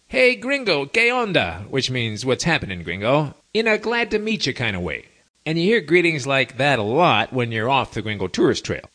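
Wry man with a lively voice. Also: mid-range voice. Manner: wry, folksy storytelling with lively intonation. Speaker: podcast host. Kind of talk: casual monologue to listeners.

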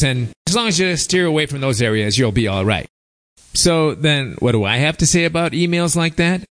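A man hosting his own show, talking in a sarcastic, rambling, opinionated monologue. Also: medium pitch. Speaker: show host.

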